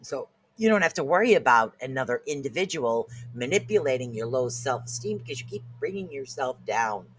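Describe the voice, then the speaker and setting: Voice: mid-range voice, big pitch swings, brisk, few pauses, a little hiss or hum. A podcast co-host giving a casual self-help talk, joking and laughing at their own stumbles over hard words.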